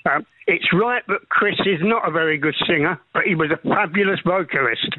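A male radio caller with a dry, deadpan sense of humour, speaking in a slightly raised voice. He comes through a thin, tinny phone line, and the sound is close and dry. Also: on the high side, a little fast, no room sound. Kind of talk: phone-in call.

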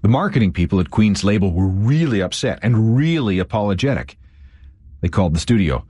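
Guy narrating radio rock history, bouncy pitch, dry close sound. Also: brisk, no room sound. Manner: lively, wry storytelling. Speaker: radio host. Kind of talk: scripted storytelling narration.

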